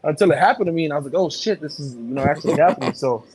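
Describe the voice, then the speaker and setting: A man in casual chat, telling a personal story in an animated, profane way. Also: a little high, rapid-fire, over a noisy crowd, rough recording.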